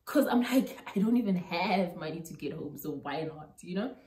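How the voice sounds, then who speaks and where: A young South African woman with a South African accent tells a storytime vlog as a YouTuber, animated and mixing local-language words into her English. Her voice is fairly low in pitch at a moderate pace, and the recording has a roomy echo.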